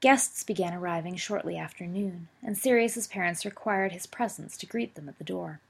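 A woman reading a story aloud in steady storytelling, with small slips. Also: on the low side, moderate pace, gravelly, slightly rough. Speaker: reader. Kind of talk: reading fan fiction aloud.

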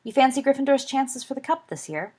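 A woman's voice: high-pitched, lively intonation, fairly quick, darkish tone, voice pushed up. A woman doing a cocky teenage schoolboy. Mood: cheeky. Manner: teasing and cheeky.

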